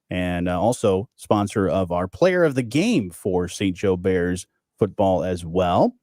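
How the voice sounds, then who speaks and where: A man's voice: deep voice, lively intonation, measured pace, darkish tone, dry recording, studio quality. Upbeat jokey male radio co-host. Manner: upbeat, jokey, self-deprecating. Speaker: radio morning show co-host. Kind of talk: casual radio banter.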